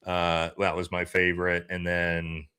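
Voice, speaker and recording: A young man hosts a livestream and chats casually as he reads viewer comments aloud. His voice is low and bright. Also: monotone, measured pace, smooth. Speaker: livestream host.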